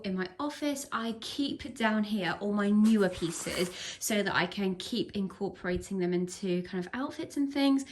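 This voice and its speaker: A woman's voice: medium pitch, a little mellow. A young woman chatting casually in her home vlog, rambling a little and laughing often as she tidies, filmed on a handheld phone. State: out of breath. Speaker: vlogger. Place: home, walking between rooms. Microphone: handheld phone camera.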